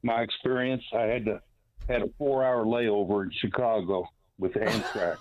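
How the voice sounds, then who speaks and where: Man, caller, mid-pitch, earnest complaint, tinny phone line. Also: steady tone, normal speed. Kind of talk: phone-in chat.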